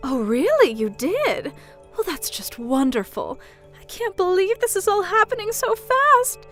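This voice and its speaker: A woman's voice: very high-pitched, big pitch swings, a little slow, fairly bright tone, faint music behind, full character voice. A woman voicing a controlling middle-aged mother who mocks and belittles her daughter. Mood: doting. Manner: mocking, belittling, pushy.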